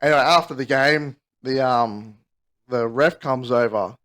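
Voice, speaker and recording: A man telling a rambling, sweary story in casual podcast chat. He acts out the people he quotes in higher voices. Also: measured pace, fairly bright tone. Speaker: podcast co-host.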